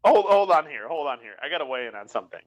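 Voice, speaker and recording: A man co-hosting a horror movie podcast, excitable and cutting in with exclamations in casual chat. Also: fairly high pitch, very fast. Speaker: podcast co-host.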